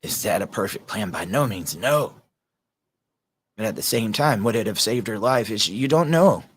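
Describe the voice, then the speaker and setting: A man's voice: lowish voice, expressive, normal speed, a little hiss or hum. A man with a Southern American accent hosting his podcast, talking casually and earnestly, often repeating words. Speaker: podcast host. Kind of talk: casual solo talk.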